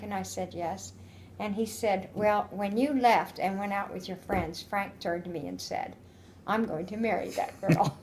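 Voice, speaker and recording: A woman's voice: mid-range voice, slight background noise. An older woman telling an oral history story in a chatty, rambling way, quoting old conversations and often laughing. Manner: chatty, rambling with restarts and quoted dialogue. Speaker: interviewee.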